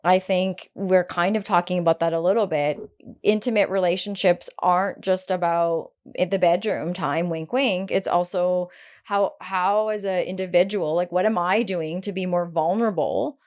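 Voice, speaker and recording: Lebhafte Frau im lockeren Podcastgespräch. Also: female voice, fairly low pitch, normal speed. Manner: candid, animated storytelling with casual swearing. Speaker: podcast co-host. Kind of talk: casual chat.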